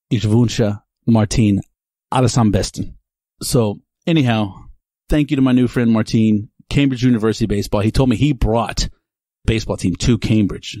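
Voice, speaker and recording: Guy rambling on his podcast, low voice, dry close sound. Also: a little mellow, no room sound. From Texas. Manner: rambling, chatty, digressive. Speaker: podcast host. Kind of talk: casual monologue.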